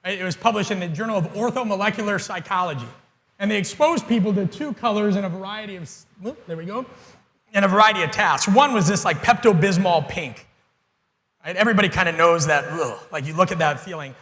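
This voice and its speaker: A man giving an energetic, blunt and profane seminar talk to coaches as a keynote speaker. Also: sits high, fast. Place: conference hall. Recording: long hall reverb.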